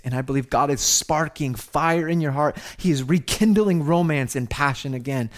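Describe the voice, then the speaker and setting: A male pastor delivering an impassioned sermon, swinging from loud exhortation to hushed, emotional moments. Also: fairly high pitch, moderate pace.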